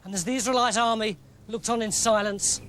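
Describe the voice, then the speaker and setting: A man narrating a children's story, lively and playful. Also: high voice, fairly quick, a little hiss or hum. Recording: music playing under the voice.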